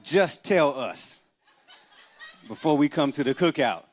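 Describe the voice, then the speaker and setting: Animated Black stand-up comedian. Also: male voice, a little high, slow. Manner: animated, acts out voices. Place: comedy club stage.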